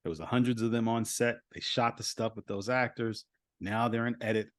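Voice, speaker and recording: A man's voice: medium pitch, steady tone, normal speed, no echo, studio quality. A man in his thirties, a voice actor guest on a podcast, talking casually and rambling with lots of "like" and "you know.".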